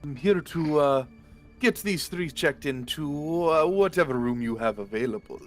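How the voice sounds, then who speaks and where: A man's voice: a little high, lively intonation, normal speed, faint music behind. Wry man haggling in a tabletop game. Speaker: player. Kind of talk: tabletop role-play.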